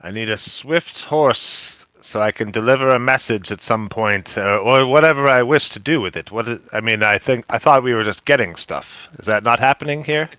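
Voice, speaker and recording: A man's voice: medium pitch, moderate pace, few pauses, sharp tone, clear, resonant tone, no echo. A man playing his character at a tabletop game, in a playfully haughty tone. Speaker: player. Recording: muffled lo-fi mic.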